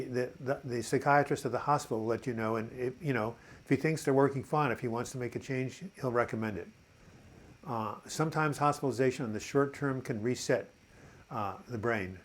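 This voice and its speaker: A man in his seventies hosting a live chat, reading viewer comments aloud and answering them in a halting, encouraging way. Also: mid-range voice. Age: 70s. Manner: halting, frequent uh and repeated words.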